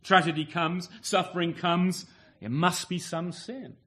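A man with a high voice preaches a sermon to his listeners. His delivery is earnest, and he keeps turning statements into rhetorical tag questions. He often restarts and repeats words mid-thought. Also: fairly even intonation, a little slow, sharp tone.

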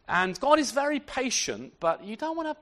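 A man preaching a sermon to his congregation, animated and often repeating words as he restarts his sentences. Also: very high voice, moderate pace. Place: church.

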